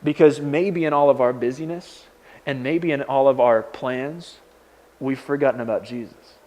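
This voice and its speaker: A man's voice: medium pitch, normal speed, muffled recording. A young man preaching as a pastor in a casual, conversational way, telling stories with lots of fillers and restarts. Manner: conversational, animated storytelling with many fillers. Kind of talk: sermon.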